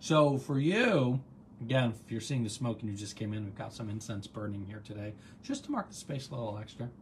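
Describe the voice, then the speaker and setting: A man's voice: medium pitch, expressive, fairly quick, background noise. A man hosting a casual live gratitude practice, chatty and encouraging, reading out viewers' comments and wandering into side stories. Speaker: host and coach leading a live online session.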